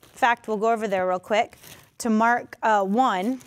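A woman with a somewhat high voice delivers a sermon. She talks emphatically and drives her points home by repeating short phrases. Now and then she slips into the voices of people from the stories she tells. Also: steady tone, normal speed. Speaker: preacher.

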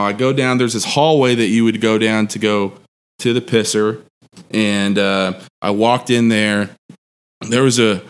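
A man's voice: fairly low pitch, clear, resonant tone. Rambling man telling a story. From Texas. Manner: rambling, profane, laughing often. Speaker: podcast guest. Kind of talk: casual storytelling.

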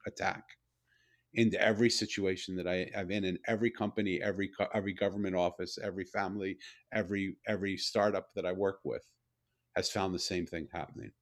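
An older man, a guest author, telling a story in a conversation, animated and often repeating and restarting his words. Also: deep voice, fast talker.

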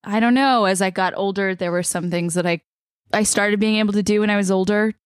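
A woman playing a tabletop game, speaking hesitantly with halting restarts. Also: medium pitch, fairly even intonation, clean tone, no room sound, studio quality. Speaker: player. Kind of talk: tabletop game role-play.

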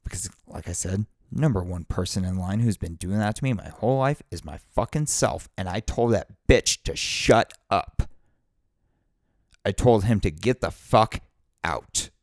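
A man with a low voice delivers a blunt, profane, fired-up pep talk to the camera. The sound is dry and close, with no room echo. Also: darkish tone. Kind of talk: casual motivational monologue.

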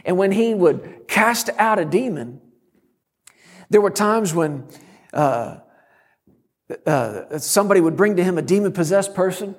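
A middle-aged man preaching a sermon, telling a story and breaking into sudden loud shouts. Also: high-pitched, expressive, unhurried, pauses often, long reverb tail. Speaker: guest preacher.

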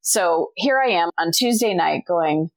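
A middle-aged woman appearing as a guest author tells a personal story during a casual interview, acting out the quoted dialogue as an animated storyteller. Her voice is lowish and her pace a little slow.

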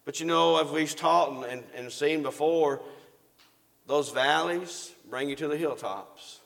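A man's voice: fairly high pitch, measured pace, gravelly, fairly bright tone, big-room sound. A man preaching a sermon, reading scripture aloud and asking the congregation questions that he answers himself.

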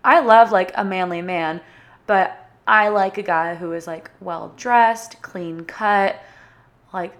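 A woman's voice: medium pitch, takes it slowly, fairly bright tone. Chatty young woman telling a story. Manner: chatty, bubbly, filler-heavy with frequent "like". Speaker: vlogger. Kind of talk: casual storytime.

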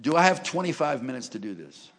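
A man preaching a sermon and sharing his testimony in a church, joking as he tells stories and rising to loud, emphatic lines. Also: mid-range voice, fast talker. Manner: animated, joking storyteller who rises to loud emphasis. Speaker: guest preacher. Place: church sanctuary. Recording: long reverb of a large church hall.

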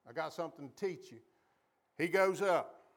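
Preaching at a moderate pace, this male pastor calls for his congregation to echo him and dramatizes quotations by abruptly shooting his voice up high.

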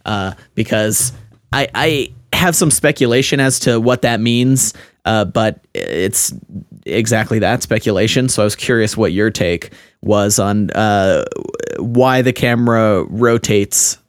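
A man's voice: lowish voice, measured pace, dry recording, studio quality. Hesitant man talking over a game. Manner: hesitant, many fillers and restarts. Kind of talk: casual game discussion.

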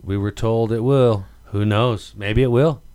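A man's voice: fairly low pitch, fairly even intonation, a little slow, mellow, clear, resonant tone. A man co-hosting a podcast in casual chat. He rambles and jokes, laughs often, and sounds stoned. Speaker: podcast co-host. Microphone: podcast microphone.

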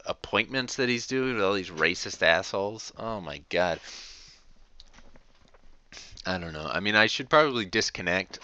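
A man's voice: low voice, sharp tone, slight background noise. A man hosting a podcast, venting in a rambling, profane, casual monologue full of fillers and short laughs. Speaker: podcast host. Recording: dull lo-fi recording.

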